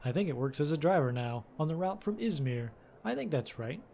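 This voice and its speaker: Male reader voicing a gruff, impatient woman mechanic; raised, slightly higher voice, game read-aloud. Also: very animated, brisk, darkish tone, slight background noise. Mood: chatty. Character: grumpy, brusque young female mechanic.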